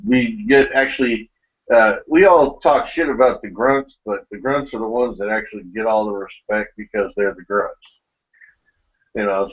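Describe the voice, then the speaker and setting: A man and Marine Corps veteran chatting casually, explaining things in a matter-of-fact way. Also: lowish voice. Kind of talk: casual chat. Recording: dull lo-fi recording.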